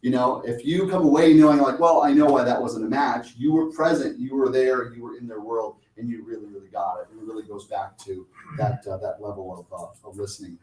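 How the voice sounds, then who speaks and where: Speaking briskly with few pauses in a mid-range, slightly mellow voice, a man coaches a small group on sales during a lunch talk, chatting casually and role-playing little client dialogues. It's recorded in an echoey meeting room from a distant mic.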